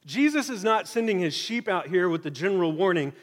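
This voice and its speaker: A man's voice: sits high, animated, brisk, long reverb tail. A man preaching a sermon to a congregation, talking in a conversational, emphatic way with wry asides. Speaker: pastor. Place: church hall before a congregation.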